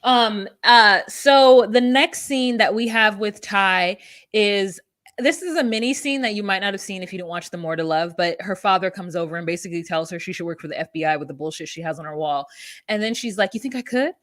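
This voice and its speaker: A woman's voice: mid-range voice, a little fast, a bit bright, dry recording, studio quality. A woman co-hosting a podcast, recapping a reality show in casual chat with blunt, sarcastic, freely swearing remarks. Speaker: podcast co-host.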